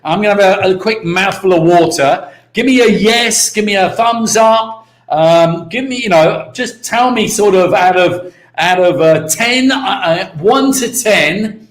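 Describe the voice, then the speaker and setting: A British man giving an energetic motivational talk on a live stream, repeating key words and calling out to viewers by name. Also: sits high, measured pace, echoey room. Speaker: network marketing mentor hosting a live stream.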